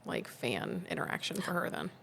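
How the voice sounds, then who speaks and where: A woman's voice: rumbling low, huge pitch swings, moderate pace, gravelly, a bit bright. A woman in her thirties, co-hosting a podcast, who chimes in with teasing, blunt remarks in casual chat. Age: 30s. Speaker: podcast co-host.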